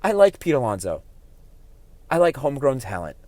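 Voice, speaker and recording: A man hosting his own sports podcast, talking solo and growing heated and animated as he argues his opinions. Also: medium pitch, moderate pace, dry recording.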